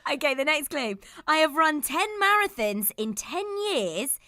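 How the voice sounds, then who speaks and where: A woman's voice: high voice, big pitch swings, takes it slowly, bright, forceful tone. A British woman co-hosting a casual chat, telling stories and laughing often. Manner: chatty storyteller, laughs often. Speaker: co-host.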